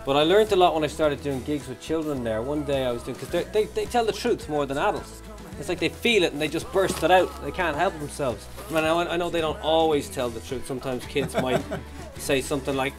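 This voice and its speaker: An Irish man performing stand-up comedy, his voice pitched high and lively. He stumbles over restarts, then throws himself into loud, exaggerated outbursts as he acts out scenes. Soft music plays faintly underneath. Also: brisk. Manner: animated, stammering restarts, bursts into shouted quotes. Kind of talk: stand-up storytelling.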